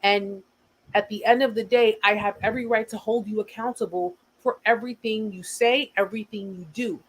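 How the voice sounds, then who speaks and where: A woman's voice: mid-range voice, steady tone, brisk, low-quality recording. A woman with an American accent hosting a casual livestream, speaking earnestly and repeating her points for emphasis. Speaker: host of a survivor support livestream.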